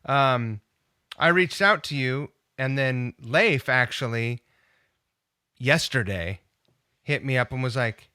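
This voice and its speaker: A man from Seattle hosting a podcast, chatting casually and swearing in a relaxed way. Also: mid-range voice, takes it slowly, pauses often, clear, resonant tone, no room sound, studio quality. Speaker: podcast host. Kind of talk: casual chat.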